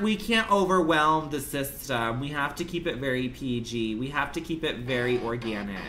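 A man's voice: mid-range voice, normal speed, pushed and bright, a little hiss or hum. A young man livestreaming a game, rambling in a campy, dramatic, profane way at home. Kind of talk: casual game commentary.

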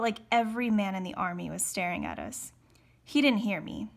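Role: teacher. Style: reading a novel aloud. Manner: steady, occasional self-corrections. Pitch: medium. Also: female voice, normal speed, gravelly.

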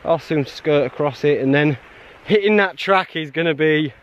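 The audio is dull as a man with a slightly high voice narrates his mountain hike at a normal pace. Holding the camera himself outdoors, the vlogger chats casually, pokes fun at himself, and laughs a lot.

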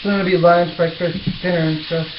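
A man's voice: sits high, flat delivery, brisk, background noise. A young man chatting casually through a cooking vlog in his apartment kitchen, self-mocking, swearing and yelping, recorded on a lo-fi camera mic. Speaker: cooking vlogger. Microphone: built-in camera mic. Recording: roomy, dull lo-fi camera sound.

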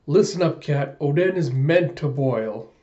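A man reads as a bold samurai lord scolding others in a firm, declaiming manner. The tone is warm and mellow, and the recording sounds a bit dull and lo-fi. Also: fairly high pitch, expressive, unhurried. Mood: stern lecturing.

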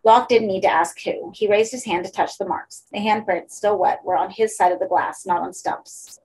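A woman narrating a horror story for an audiobook in a steady, measured way. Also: medium pitch, breathy edge, rough recording.

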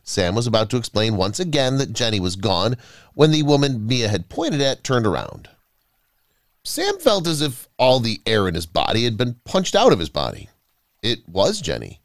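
Telling a scripted story, a male narrator gives a dramatic, expressive reading with wide swings in pitch. The sound is close and dry, free of room echo.

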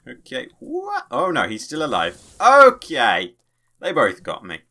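A man giving excitable, playful let's play commentary as a gaming channel host, tossing in his own sound effects. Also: medium pitch, a little slow.

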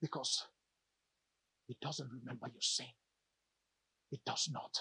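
A male pastor preaching a lively sermon in church, calling out to the congregation and joking between points. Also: medium pitch, slow pace, breathy edge, no room sound. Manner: animated preaching with audience call-outs and jokes.

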